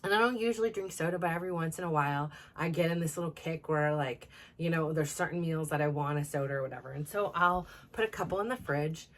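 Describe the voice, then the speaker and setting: A middle-aged woman with a notably low, deep speaking voice tells a personal story on her self-improvement show. She rambles casually, packing her sentences with "like" and "you know" and restarting them often. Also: fast talker, few pauses, a bit bright. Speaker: self-improvement podcast host.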